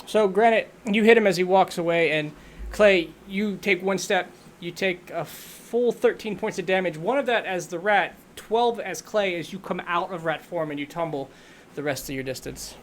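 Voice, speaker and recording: A game master running a live tabletop game, briskly directing the players. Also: medium pitch, slight background noise.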